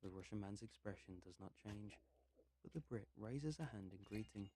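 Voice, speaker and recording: A man reads a story aloud in a low, mellow voice, unhurried and pausing between phrases. Between passages he mutters quick asides to himself. A faint hiss sits under the recording. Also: animated. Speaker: narrator. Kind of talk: reading a story aloud while playing a game.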